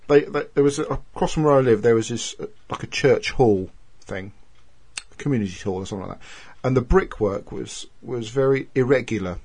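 A man's voice: mid-range voice, a little fast, darkish tone, husky. Rambling man telling a story. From Wales. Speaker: podcast co-host. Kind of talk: casual chat.

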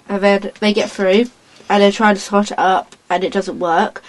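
In a casual chat, a woman with a mid-range voice retells a story at a brisk clip, rambling and excitable, acting out lines along the way. The audio quality is poor.

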